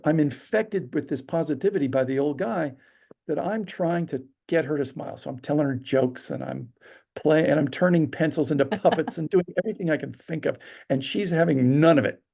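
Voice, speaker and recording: Brief: male podcast guest, dark gravelly voice, animated raconteur. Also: a little high. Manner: lively storyteller acting out quotes. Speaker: storyteller guest. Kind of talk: animated anecdote telling.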